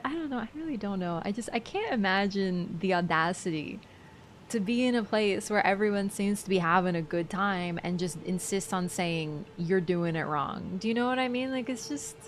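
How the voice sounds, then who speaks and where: A woman's voice: mid-range voice, slight background noise. A woman streaming a game, chatting casually with her viewers and laughing often. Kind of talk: casual live-stream chat.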